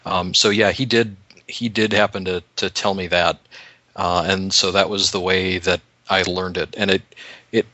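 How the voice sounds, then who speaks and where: A man, a guest pilot, explaining procedures in a thoughtful, measured way in casual chat. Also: low-pitched, flat delivery, sharp tone, dry recording. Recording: slightly dull, dry audio.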